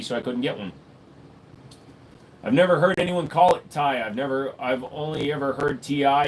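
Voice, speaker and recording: This streamer has a mid-range voice with a little hiss or hum, and he answers chat from a home room with a wall of guns. The live stream is casual, crude, rambling, and full of jokes.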